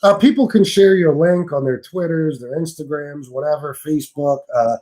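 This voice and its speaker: A man's voice: fairly high pitch, moderate pace, mellow, low-quality recording. A man hosting a live-stream interview over a video call, easygoing as he reads out viewer comments. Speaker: live show host.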